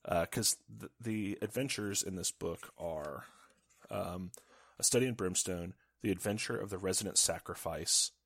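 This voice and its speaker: A man's voice: deep voice, moderate pace, gravelly, fairly bright tone, husky, no room sound, studio quality. A man as a podcast guest, chatting casually and rambling. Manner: rambling, many fillers and restarts. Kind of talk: casual chat.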